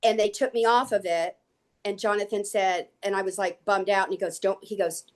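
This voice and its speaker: A woman guest on an interview show, telling lively anecdotes and acting out what people said. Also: mid-range voice, brisk. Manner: lively, animated anecdotes with acted quotes. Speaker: guest actress. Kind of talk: casual interview storytelling.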